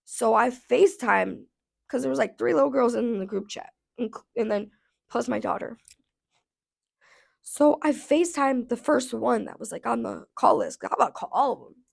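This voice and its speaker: 30s woman spilling tea on camera, super gravelly fry, kinda high, swearing a lot, voice getting hoarse. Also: moderate pace. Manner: blunt and profane, heavy filler "like". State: voice going hoarse. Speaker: vlogger. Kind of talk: casual storytime rant.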